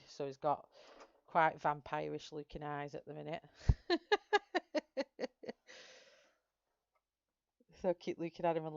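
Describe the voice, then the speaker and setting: A middle-aged woman with a low voice, rambling in easy chat with her viewers as she colours. The sound is dull and lo-fi, and very dry. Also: darkish tone, dry recording. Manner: chatty, rambling, greets viewers by name. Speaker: colouring channel host. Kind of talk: casual chat while colouring live.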